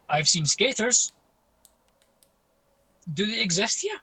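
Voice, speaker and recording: A man's voice: fairly high pitch, normal speed, pushed and bright, no room sound, rough recording. A man, a podcast guest, chatting casually in a rambling, hesitant way with plenty of fillers. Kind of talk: casual chat.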